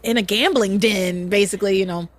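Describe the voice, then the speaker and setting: A woman hosting a podcast in a casual chat, animated and swearing casually as she recaps. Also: mid-range voice, brisk. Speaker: podcast host recapping a soap opera.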